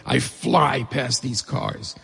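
A middle-aged man telling a humorous personal story, animated and acting out the dialogue. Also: slow pace, creaky, husky. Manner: animated, acts out dialogue with rising pitch. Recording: long hall reverb.

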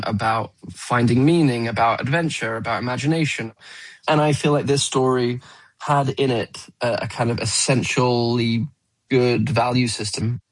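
A man's voice: mid-range voice, husky, low-quality recording. A man speaking as an actor guest in a radio interview, earnest and searching for words, often restarting.

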